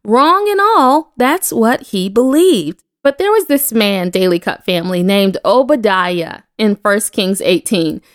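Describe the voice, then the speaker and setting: A woman's voice: medium pitch, animated, a little slow, few pauses, no echo, clean studio sound. A woman giving an earnest devotional talk, asking her listeners questions as she teaches. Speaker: devotional speaker.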